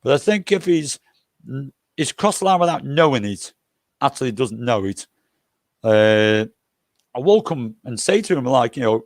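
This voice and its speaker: A man's voice: mid-range voice, animated, normal speed, no echo, clean studio sound. An older man hosting a livestream, telling rambling, jokey anecdotes and swearing freely. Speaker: livestream host.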